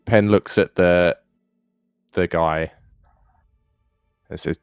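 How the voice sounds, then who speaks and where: Deep-voiced man playing a tabletop game. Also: steady tone, drawn-out words, smooth, dry recording, studio quality, soft background music. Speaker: player. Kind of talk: casual tabletop play.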